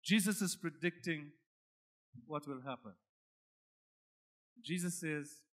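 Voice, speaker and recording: A male pastor preaching a sermon with emphatic delivery, moving from hushed asides to loud, shouted climaxes. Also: a little high, slow pace, long pauses.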